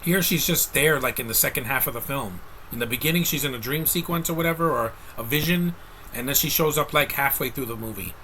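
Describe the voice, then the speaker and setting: A man's voice: mid-range voice, brisk, bright, forceful tone, slight background noise, rough recording. A man giving a casual, rambling movie review rant, blunt and exasperated, with frequent restarts.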